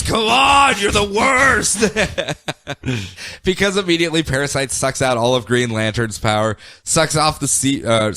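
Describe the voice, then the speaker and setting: A jokey male podcast host animatedly recaps comics. His voice is mid-pitched and sits close and dry on the mic. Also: fairly bright tone, clear, resonant tone, no echo.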